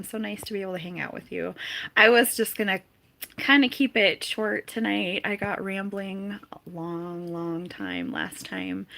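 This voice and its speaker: A woman's voice: medium pitch, creaky, sharp tone. A woman hosting a casual live stream, chatting and laughing often as she reads and answers viewers' comments. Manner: giggly, laughs often between greetings. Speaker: livestream host.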